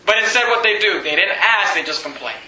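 A man preaching a sermon, animated and rising to near shouts on key points, reading scripture in a lower, slower voice. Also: slight background noise. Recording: echoey room with faint ambience.

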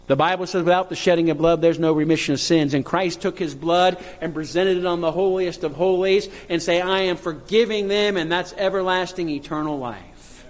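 A male pastor preaching a sermon, reading scripture and rising to impassioned high cries. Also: darkish tone. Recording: long hall reverb.

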